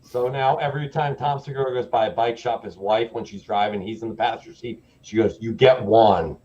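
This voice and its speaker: A man co-hosting a live stream chat, telling stories in an animated way and laughing often. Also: medium pitch, fairly quick. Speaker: co-host. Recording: slightly dull sound, faint noise.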